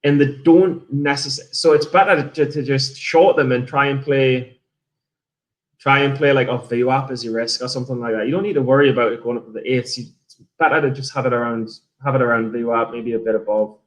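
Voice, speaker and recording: A man's voice: mid-range voice, steady tone, brisk. A man from England with an English accent, chatting casually on a livestream about his trades and reading out viewer messages. He rambles, swears freely and often restarts his sentences. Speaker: day trader streamer.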